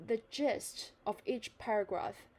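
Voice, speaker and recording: A woman's voice: on the high side, takes it slowly, a little mellow, breathy edge. A woman hosting an online reading lesson, explaining a news article to viewers in a chatty, friendly teaching manner. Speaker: host of a reading lesson channel.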